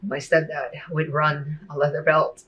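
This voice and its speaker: A woman telling her personal testimony in a soft, hesitant way, with many fillers. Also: sits low, level tone, a little slow, muffled recording.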